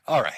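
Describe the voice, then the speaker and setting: A man giving mocking, sarcastic livestream commentary, laughing often and apologizing in mock seriousness. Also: no echo. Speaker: streamer.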